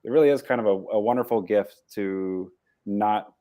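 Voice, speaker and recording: A man with a fairly low voice talks earnestly about translation. His delivery is relaxed and easygoing, like a writer thinking out loud. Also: normal speed. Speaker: writer and teacher, podcast guest. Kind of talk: casual book discussion.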